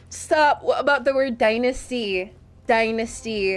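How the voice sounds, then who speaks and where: A woman's voice: sits high, measured pace, faint music behind. A woman streaming a video game, chatting casually with her audience and playfully protesting their teasing. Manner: playful, protests teasing from chat with mock indignation. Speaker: VTuber streamer. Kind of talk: casual gaming stream chat.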